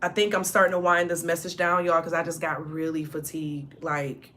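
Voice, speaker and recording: This woman's voice is low, level in tone, a bit bright and fairly quick. Channeling ancestors for her viewers in a casual reading, she talks emphatically and directly, checking in with "okay?" again and again.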